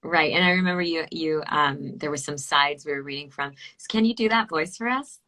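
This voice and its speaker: A woman's voice: low voice, fairly quick, sharp tone. A woman hosting a casual interview podcast, asking playful questions and laughing often. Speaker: podcast host.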